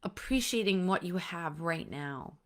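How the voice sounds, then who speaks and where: Bright-voiced chatty woman talking solo. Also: lowish voice, animated, measured pace. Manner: chatty, swears, says "like" and "right?" a lot. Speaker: podcast host. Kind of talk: casual solo talk.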